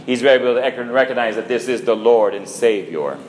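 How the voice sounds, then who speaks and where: A man preaching a sermon as a priest, slow and deliberate, building emphasis through rhetorical questions. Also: medium pitch, a little hiss or hum. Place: church. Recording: echoey church with long reverb.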